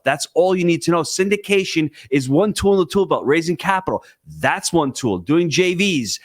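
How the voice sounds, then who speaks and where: A man speaking as a guest on a podcast, giving investing advice in an emphatic, excitable, coaching way. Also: fairly high pitch, normal speed, few pauses, no echo, studio quality. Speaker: guest real estate investor. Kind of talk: podcast interview.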